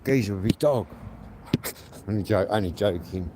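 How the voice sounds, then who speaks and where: A man with an English accent and a fairly low voice talks into his camera on a night walk. He tells stories in a blunt, slangy, casual way. The recording is noisy, with a steady hiss behind his voice. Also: unhurried. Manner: chatty, blunt, slangy storytelling. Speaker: vlogger. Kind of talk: casual walk-and-talk vlog. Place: outdoors at night walking, then indoors at home.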